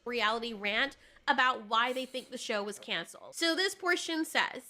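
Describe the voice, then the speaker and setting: High, bright, ranting female commentator. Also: expressive, moderate pace, hardly any pauses. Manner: passionate, sarcastic ranting. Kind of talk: opinionated commentary.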